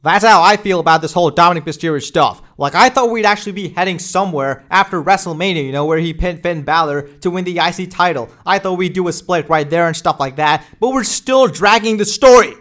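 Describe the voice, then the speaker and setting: A man's voice: fairly high pitch, fast talker, few pauses, a bit bright. A young man giving a casual, opinionated wrestling review, exasperated and ranting with lots of "you know" and "man".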